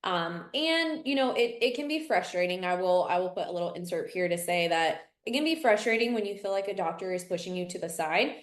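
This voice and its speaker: Young woman guest, earnest, a bit low-pitched; echoey room. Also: animated, a little fast, few pauses. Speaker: assistant coach, podcast guest. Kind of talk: casual podcast chat. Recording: roomy echo.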